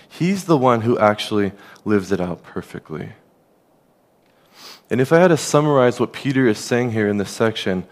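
A man preaching a sermon as a pastor, earnest and conversational, dropping softer on key phrases. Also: mid-range voice.

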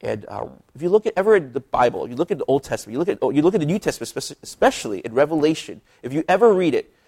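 A man who is a pastor, leading a casual Bible study in a relaxed, chatty way with lots of asides. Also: a little high, rapid-fire, vocal fry, breathy edge.

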